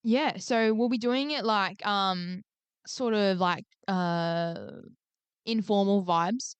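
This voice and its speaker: A young woman co-hosts a podcast, talking in a loose, rambling way with plenty of fillers and swearing. Her voice is smooth and resonant. It is recorded dry and close in a studio. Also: medium pitch, takes it slowly, no echo. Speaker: podcast co-host. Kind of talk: casual chat.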